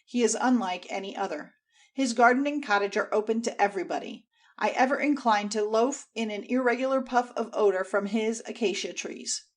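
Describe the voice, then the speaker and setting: A kindly elderly uncle, put on by a woman reader in a storybook, speaking low and hushed. His tone is fatherly and indulgent, a doting old man with a jealous streak. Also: fairly quick, lightly acted. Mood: gentle, indulgent.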